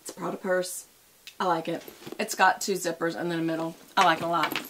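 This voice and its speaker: A woman's voice: lowish voice, level tone, brisk, noisy background. A middle-aged woman, chatting casually and rambling in a makeup and lifestyle vlog. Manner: chatty, rambling, talks while applying makeup and eating. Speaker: beauty and lifestyle vlogger.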